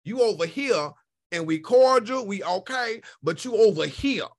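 A man's voice: high-pitched, lively intonation, measured pace. A man hosting a podcast, ranting in casual chat, blunt and heavy on profanity. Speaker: podcast host.

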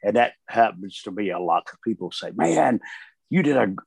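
A man's voice: lowish voice, moderate pace, creaky, breathy edge, dry recording. An older man, a veteran wrestler, telling stories in a casual chat, laughing often and acting out what others said. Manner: animated storyteller, laughs often, acts out quotes.

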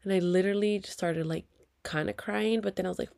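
A woman's voice: medium pitch, steady tone, fast, vocal fry, darkish tone. A woman, venting to viewers in a heated, profane story with whispered asides. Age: 30s. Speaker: vlogger.

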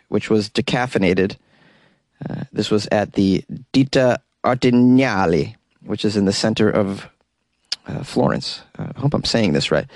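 A man with a medium-pitched voice hosts a call-in talk radio show, reading news stories and chatting while adding wry, sarcastic asides. The recording is dry.

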